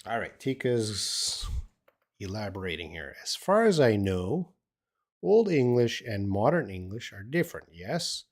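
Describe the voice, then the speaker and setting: A middle-aged man teaching English on a live stream, answering viewers' questions and thinking aloud with hesitant restarts. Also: lowish voice. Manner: encouraging.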